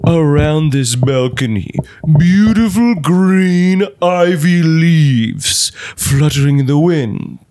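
A man voicing a lewd male demon who lives inside a young man's head, teasing him slowly and condescendingly. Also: fairly high pitch, animated, darkish tone. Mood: storytelling. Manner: condescending, slow drawn-out teasing. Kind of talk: improvised comedy sketch.

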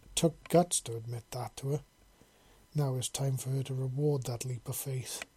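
A man narrating a storybook chapter in a calm, unhurried, even way. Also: mid-range voice, slight background noise. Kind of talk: storybook reading.

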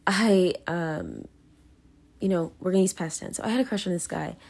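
A woman's voice: on the low side, big pitch swings, normal speed, vocal fry, darkish tone, breathy edge. A young woman hosting her own podcast, talking through her feelings in a rambling, self-conscious way full of fillers and restarts. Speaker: podcast host. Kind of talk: casual confessional monologue.

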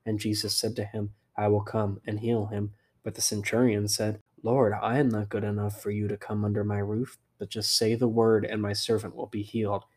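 A man reads scripture aloud in a measured, unhurried way. His voice sits low, and he keeps the delivery level and restrained, with little rise or fall from line to line. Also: darkish tone. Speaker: scripture reader. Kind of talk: steady scripted Bible reading.

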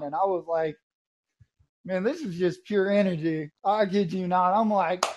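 A man in casual voice chat, excitable and full of exclamations. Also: high voice, normal speed. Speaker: chat room participant.

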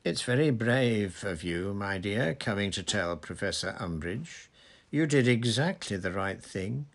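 A man doing a booming, blustering official. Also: animated, unhurried, creaky, a bit bright, heavily acted. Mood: coaxing. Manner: jovial, booming, falsely fatherly. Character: blustering hearty middle-aged male official.

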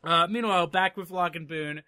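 Man, high voice, very bright tone, casual podcast recap, laughs a lot. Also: moderate pace, clean tone. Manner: laughs often, retells scenes in mock quotes. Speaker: podcast co-host. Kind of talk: casual chat recapping a TV episode.

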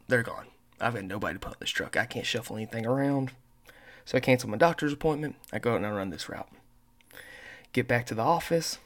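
Male podcast host, casual monologue, rambling, swears a lot, mid-pitched voice. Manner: rambling, profane storytelling; says he has a terrible accent and mispronounces words.

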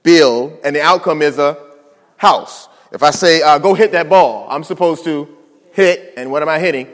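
A man's voice: fairly high pitch, moderate pace, in a large hall. A man preaching a teaching sermon, explaining step by step and asking rhetorical questions.

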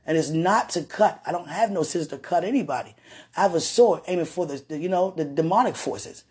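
On her podcast, a woman tells her partner a personal story in a lowish, slightly rough voice, speaking a little fast. She animatedly acts out the voices of the people she quotes and talks often about God and the Holy Spirit, keeping the storytelling casual.

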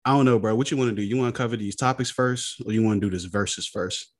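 A man's voice: fairly low pitch, quick pace. A man co-hosting a podcast in laid-back, slangy casual chat, often tossing in filler questions. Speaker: podcast co-host.

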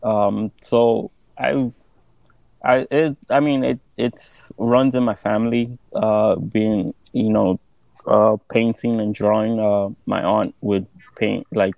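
A man with a gravelly, mellow, low voice speaks in a flat, even tone. He talks modestly with lots of fillers as a guest. The sound is dry and close. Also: no room sound, rough recording. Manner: modest, halting, many fillers. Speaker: guest artist. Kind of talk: casual interview talk.

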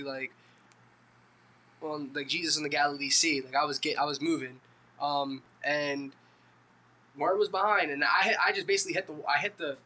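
A man's voice: on the high side, sharp tone. A man hosting a podcast, telling a story in casual joking banter. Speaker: podcast host. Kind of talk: casual chat.

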